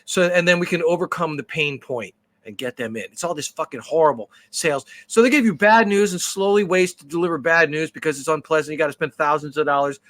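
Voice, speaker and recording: A man's voice: fairly high pitch, fast talker, hardly any pauses. A man co-hosting a podcast in casual chat, telling stories with lots of energy and frequent swearing. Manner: animated storyteller, swears freely. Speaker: podcast co-host.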